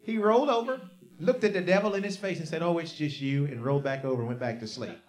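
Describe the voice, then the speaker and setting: A male preacher with a notably high voice talks fast as he tells a story in his sermon. He sinks into low, quiet phrases, then erupts into loud shouting, leading the congregation to repeat his words back in call-and-response.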